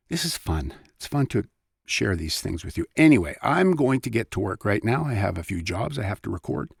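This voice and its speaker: A man's voice: fairly low pitch, big pitch swings, brisk, vocal fry, husky, no room sound, studio quality. A male voice actor talking casually and chattily about his craft, in a rambling way. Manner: chatty, rambling, self-interrupting. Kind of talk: casual vlog talk.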